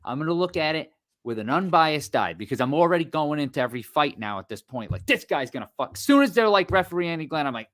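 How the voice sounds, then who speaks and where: Male podcast co-host, lively pitch, profane storyteller. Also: quick pace. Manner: animated, swearing, acting out quotes. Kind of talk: casual podcast chat.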